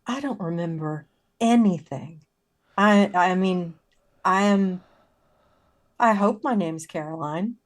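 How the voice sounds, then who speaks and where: A woman playing a confused character in a horror tabletop game, speaking hesitantly with many pauses and ums. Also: fairly low pitch. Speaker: player.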